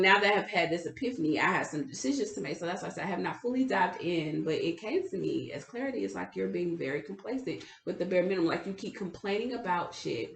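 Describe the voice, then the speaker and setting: A woman's voice: medium pitch, gravelly. A woman co-hosting a podcast in casual chat, telling a candid, profane story about her own life. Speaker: podcast co-host. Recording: echoey room.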